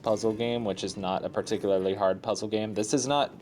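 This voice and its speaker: A man's voice: lowish voice, fairly even intonation, fairly quick, a little mellow, a little hiss or hum. A man casually commenting on a puzzle game as he plays, rambling through chatty asides full of filler words. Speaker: let's play host.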